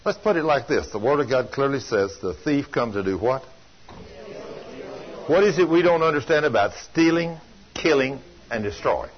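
An older man preaching a sermon, telling folksy stories that swing from loud to hushed. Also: mid-range voice, animated, moderate pace, a little hiss or hum. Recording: dull lo-fi sound.

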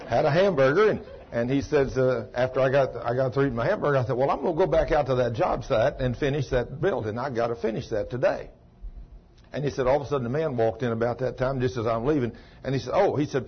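A man preaching a sermon, telling a long story. He swings from ecstatic shouts down to a low, chatty retelling. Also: slight background noise. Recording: dull lo-fi recording.

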